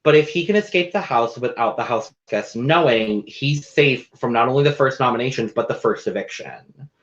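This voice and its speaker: A man co-hosting a casual recap show, chatty and animated, with playful asides. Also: medium pitch, normal speed. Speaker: podcast co-host. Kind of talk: casual chat. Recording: dull lo-fi audio.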